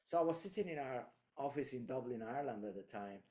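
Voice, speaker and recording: A man's voice: mid-range voice, lively intonation, fast, warm tone. A man giving leadership advice in casual conversation, reflective and anecdotal, with frequent fillers and restarts.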